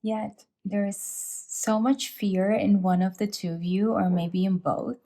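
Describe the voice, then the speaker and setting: Woman, tarot reader, slow unhurried delivery, mellow tone, emotional, sighing, restarts. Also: medium pitch, fairly even intonation. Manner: speaks directly to viewers, calling them you guys. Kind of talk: emotional pick-a-card tarot reading.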